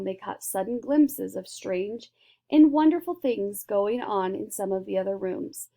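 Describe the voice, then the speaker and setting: A woman reading a children's book aloud in a lively storytelling manner. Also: mid-range voice. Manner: lively, switches into character voices. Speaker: reader.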